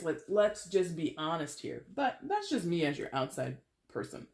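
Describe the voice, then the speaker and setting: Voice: medium pitch, very animated, a little slow. A tarot reader giving a casual, chatty reading with playful, dramatic exaggeration. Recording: roomy echo.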